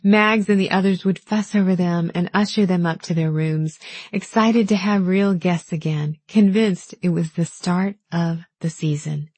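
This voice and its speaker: A woman narrating a first-person novel in a calm, measured, gently wistful way. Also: on the low side, husky, dry recording. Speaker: audiobook narrator.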